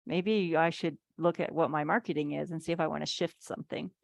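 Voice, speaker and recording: A woman with a low, gravelly voice runs a relaxed online workshop for business owners, teaching financial topics in a casual way. She speaks fairly quickly and chattily, scattering "like"s and small acted-out asides throughout. Over the video call her voice comes through dry and close, without any room echo.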